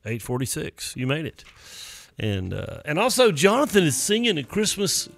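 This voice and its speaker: A man's voice: a little high, wildly swooping pitch, normal speed, gravelly, a bit bright. A man in his fifties hosting a live music stream, chatting in a playful, goofy, rambling way. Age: 50s. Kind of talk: casual live-stream chat.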